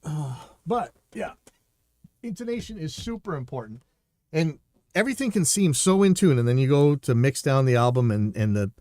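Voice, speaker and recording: A man's voice: a little high, very animated, normal speed, warm tone, no room sound, studio quality. A man hosting a live stream, reacting to a video in opinionated, rambling casual commentary with frequent restarts while demonstrating on a guitar. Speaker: podcast host reacting to a video.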